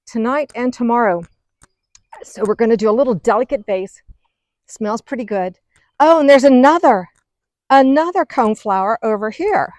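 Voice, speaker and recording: A middle-aged woman hosting a gardening vlog, chatting excitedly as she walks through her outdoor garden. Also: fairly high pitch, normal speed, pauses often, dry recording. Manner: chatty, excitable, gushing over plants. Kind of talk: casual garden walk-through.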